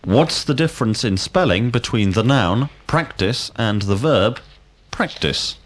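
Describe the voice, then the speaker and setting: A male language teacher, asking drill questions slowly and clearly. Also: mid-range voice, lively intonation. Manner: slow, deliberate, clearly enunciated questions. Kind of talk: scripted drill lesson.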